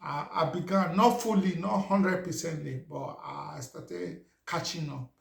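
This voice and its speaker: Speaking at a measured pace, a middle-aged Yoruba-speaking Nigerian man with a slightly high, creaky voice chats his way through a casual story. He's a vlogger who keeps asking "you understand?", and the room gives off a noticeable echo.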